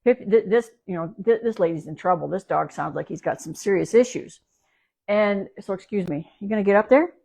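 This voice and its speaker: A woman's voice: mid-range voice, fairly quick, creaky, a little mellow. A woman dog trainer from Canada chats through a live stream from her home. She rambles, restarts her sentences and leans on fillers as she tells a story. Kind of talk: casual livestream talk.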